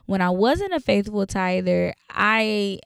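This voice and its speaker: A woman's voice: mid-range voice, animated, takes it slowly, vocal fry, smooth, dry recording, clean studio sound. A woman teaching a Bible study in a casual, conversational way, reading verses aloud with frequent fillers. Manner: conversational, many fillers, reads scripture aloud.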